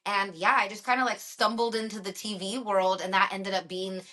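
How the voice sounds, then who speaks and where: A woman's voice: medium pitch, steady tone, a little fast, bright, forceful tone. A woman from Los Angeles with a slight country twang, chatting as a guest in an upbeat way and laughing easily. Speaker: guest, singer. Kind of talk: casual interview chat.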